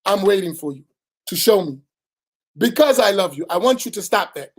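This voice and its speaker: Imam giving a direct lesson. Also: male voice, sits high, animated, moderate pace. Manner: direct, admonishing, repeats "right?". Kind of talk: religious lesson.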